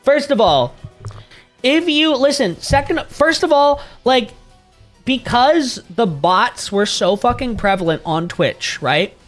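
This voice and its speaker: Animated, rambling male streamer. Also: very high-pitched, slow pace, soft background music. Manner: rambling, animated, swears freely, laughs often, thanks viewers. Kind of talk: casual chat with viewers.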